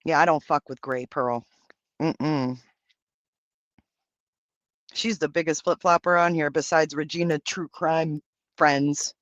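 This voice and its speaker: A man's voice: on the high side, steady tone, takes it slowly, long pauses, fairly bright tone, no echo, highs cut off. A man hosting a livestream, reading out and answering viewer comments in brash, profane, campy banter. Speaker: livestream host.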